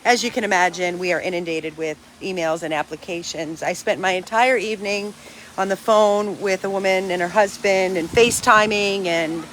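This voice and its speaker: Woman, dog rescue owner, casual vlog, outdoors, emphatic, chatty, mid pitch, faint background hiss. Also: a bit bright. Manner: earnest, emphatic and talkative.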